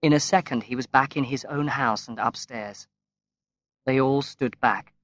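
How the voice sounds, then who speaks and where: A man reading a graded-reader story aloud as audiobook narration, slow and measured with long pauses. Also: mid-range voice, a bit bright, dry recording. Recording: dry, slightly dull lo-fi recording.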